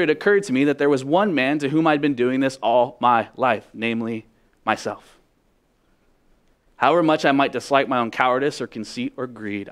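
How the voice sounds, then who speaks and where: A man preaching a sermon as pastor, emphatic, asking the congregation direct questions, dropping to a hush and building up loud. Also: mid-range voice. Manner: drops to a hushed voice then builds up loud.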